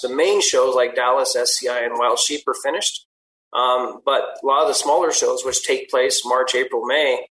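A man's voice: medium pitch, fairly bright tone, slight background noise, rough recording. A man, a hunting outfitter guest, talking easygoingly and rambling at length. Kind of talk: casual interview chat.

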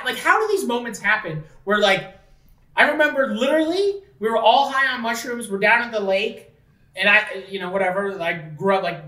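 A man's voice: high-pitched, bright, forceful tone, reverberant, far from the mic. A man from the Niagara region of Ontario, telling long rambling stories with lots of filler words and swearing on a casual podcast. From Niagara region of Ontario, Canada. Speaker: podcast host.

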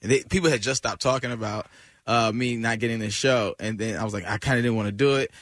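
A man's voice: lowish voice, steady tone, fast talker, fairly bright tone, dry recording, studio quality. A man guesting on a radio show as a comedian, chatting in a loose, slangy, laid-back way with plenty of restarts. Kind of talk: casual interview chat. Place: radio studio.

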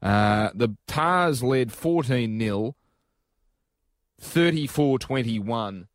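An Australian man hosting a Sunday radio sports show, relaxed and joking as he links segments. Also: medium pitch, drawn-out words, no echo, studio quality. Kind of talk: casual radio chat.

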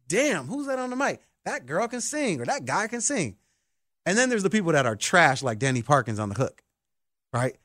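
A man hosting a sports talk show, excitable and emphatic like a hyped fan. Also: a little high, no room sound, studio quality. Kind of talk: animated sports podcast talk.

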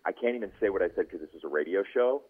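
A man's voice: sits low, rapid-fire, husky. A man, a podcast host and news anchor, telling his story as a guest in a casual radio interview, acting out the people he quotes. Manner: animated storyteller who acts out quoted voices. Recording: tinny phone-line radio audio.

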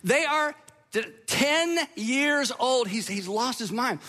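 Bright-voiced man telling a story. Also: very high voice, slow pace. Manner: self-deprecating humor, animated storytelling. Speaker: speaker addressing an audience. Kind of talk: storytelling talk to a live audience.

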